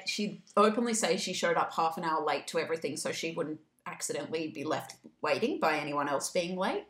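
A woman's voice: low-pitched, animated, brisk, a bit bright. A woman co-hosting a comedy podcast in casual chat, often acting out quoted voices. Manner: chatty, acts out quoted voices. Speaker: podcast co-host. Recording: roomy echo.

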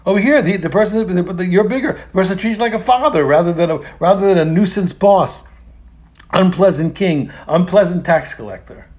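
A man teaching a religious text, talking in an animated, emphatic way and often repeating phrases and restarting. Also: high-pitched, fairly quick. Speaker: Torah teacher. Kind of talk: explaining a text in a lesson.

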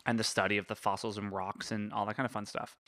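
Studio-quality audio with no echo captures a man whose voice sits on the low side, level and sharp, moving at a quick pace. As the podcast co-host presenting the topic, he chats casually and explains step by step, often halting to fix his pronunciation of big words.

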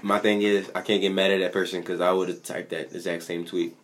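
A young man, a rapper guest on a podcast, chatting casually with fast, profane, joking banter. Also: low voice, flat delivery, background noise. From Philadelphia.

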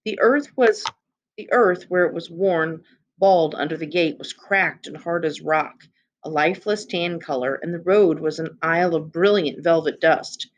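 A woman reading a children's novel aloud in a steady, expressive narration. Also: lowish voice, measured pace. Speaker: reader.

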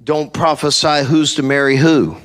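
Speaking into a handheld mic before a congregation, a middle-aged male pastor delivers a sermon full of humorous anecdotes, playing the characters he quotes. His voice sits a little high and is slightly bright, with fairly level intonation and a moderate pace.

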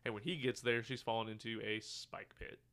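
A man's voice: on the low side, steady tone, a little fast, sharp tone, clear, resonant tone. A man co-hosting a podcast, casually recapping a movie scene by scene, rambling with fillers and quoted lines. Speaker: podcast co-host. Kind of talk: casual movie review chat.

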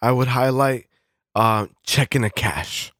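A man's voice: medium pitch, measured pace, fairly bright tone, no echo, studio quality. A man co-hosting a podcast, ranting in casual chat, swearing constantly and restarting his sentences. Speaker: podcast co-host. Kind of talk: casual profane rant.

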